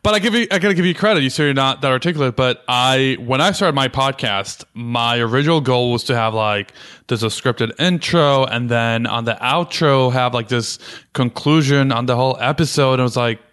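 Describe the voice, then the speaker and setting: A man who is a guest on a podcast, chatty and playful, talking in quick bursts. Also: medium pitch, a bit bright, clear, resonant tone. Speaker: podcast guest, fellow host. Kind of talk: casual podcast chat. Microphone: remote call recording.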